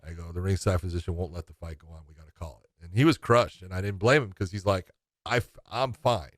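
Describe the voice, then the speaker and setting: A man's voice: low voice, fast, no room sound. A man co-hosting a podcast, telling a story in casual chat and acting out the dialogue. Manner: lively storyteller who acts out quoted dialogue. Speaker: podcast co-host.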